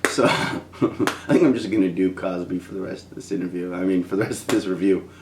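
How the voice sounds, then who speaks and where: A man's voice: deep voice, steady tone, quick pace, gravelly, reverberant, slight background noise. A man giving a rambling, casual film review, laughing often and slipping into impressions.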